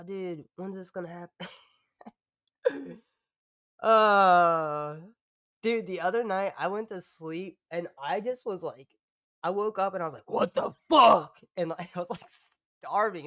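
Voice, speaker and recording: A woman hosts a live stream in loose, profane chat, drifting from one thought to the next and laughing as she goes. Her voice is smooth and a little low-pitched, with a dry, close sound. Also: fairly bright tone, dry recording. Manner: rambling and profane, laughs often.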